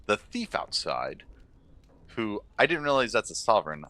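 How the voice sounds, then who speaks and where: A man's voice: on the low side, big pitch swings, moderate pace, bright, forceful tone, dry recording. A man giving casual let's-play commentary, joking, exclaiming and reading his choices aloud. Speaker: gaming channel host.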